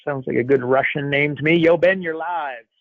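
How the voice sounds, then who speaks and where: A fairly high-voiced man hosts a live coaching call over a thin, phone-like line with a dry sound. He talks in an upbeat, slangy way and calls his callers buddy and man. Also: moderate pace, no echo.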